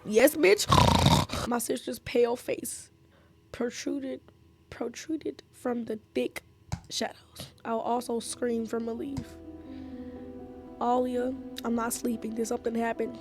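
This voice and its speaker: A woman playing a horror game, reading its text aloud in a hushed voice and breaking off into loud, profane reactions. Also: on the high side, fairly even intonation, slow pace, long pauses, faint music behind. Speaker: gaming streamer.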